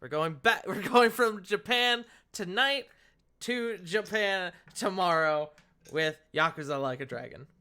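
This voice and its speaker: Bright excitable male host. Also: high voice, measured pace, clear, resonant tone. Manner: laughing, swearing, excitable. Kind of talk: casual stream chat.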